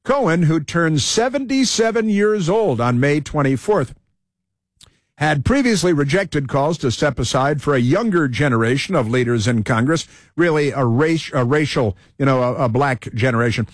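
Guy doing snarky political commentary, kinda high pitched, dead dry recording. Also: expressive, normal speed, no echo. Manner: sarcastic, mocking asides.

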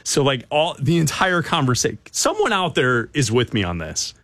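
A man's voice: mid-range voice, sing-song, a bit bright, no room sound. A man co-hosting a sports radio show, trading teasing banter with his partner and laughing easily. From American Midwest. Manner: teasing, playful, quick to laugh. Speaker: co-host.

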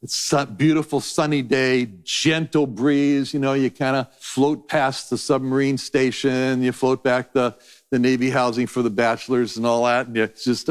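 A middle-aged man, a Bible teacher, preaching a sermon in an animated, rambling storytelling manner. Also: medium pitch, moderate pace.

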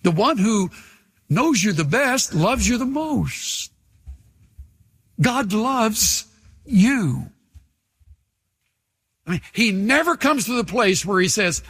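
An older male pastor preaches with a husky, slightly high voice. He is earnest, slowing down and sinking to a near whisper on the lines that matter most. His words ring out with the long reverb of a large hall. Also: sing-song. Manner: earnest, slows and drops to a hush on key lines. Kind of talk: sermon.

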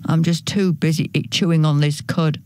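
A woman's voice: sits low, fairly even intonation, darkish tone, pitched below the performer's own voice, lightly acted. A woman voicing a placid cow who moos while refusing to help, in a storybook reading. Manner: drawn-out, mooing.

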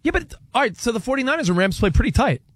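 A man co-hosting a sports talk show, excitable and quick to jump in with his point. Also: extremely high pitch, no echo, studio quality. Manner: excitable, jumps in and interrupts. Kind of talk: lively sports radio banter.

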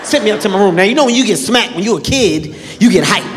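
A man performing a stand-up comedy set, telling animated stories and acting out characters with sudden shouts, in a large live venue. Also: high-pitched, quick pace. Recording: echoey live hall with crowd noise. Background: audience laughter.

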